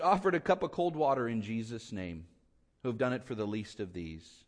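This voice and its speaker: A man preaching a sermon with impassioned swings between loud emphatic lines and quiet hushed ones. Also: mid-range voice, animated, normal speed. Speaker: pastor.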